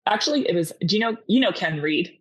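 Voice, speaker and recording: A woman's voice: on the low side, animated, fast talker, slightly rough. A woman from Massachusetts, a podcast guest, telling a story in casual chat and acting out the dialogue.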